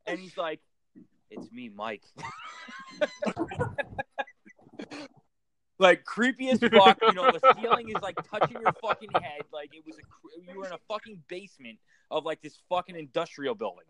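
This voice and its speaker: A man's voice: high voice, brisk, hardly any pauses, crowd noise. A man telling rowdy stories in casual chat, swearing freely and laughing often. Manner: profane storyteller, laughs often.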